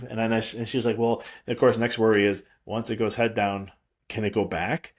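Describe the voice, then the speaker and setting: A man's voice: lowish voice, level tone, brisk. A man hosting a podcast as a prenatal chiropractor, talking in a rambling, reassuring way with frequent restarts. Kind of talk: solo podcast monologue.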